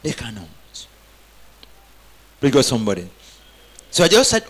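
A man's voice: medium pitch, wildly swooping pitch, normal speed. A man preaching a sermon, calling on the congregation to answer back and rising into emphatic exclamations. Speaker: pastor.

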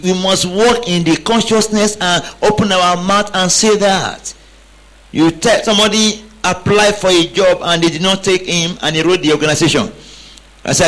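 A man's voice: sits high, fairly bright tone, rough recording. A man preaching a sermon emphatically, prompting the congregation to repeat after him. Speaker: pastor.

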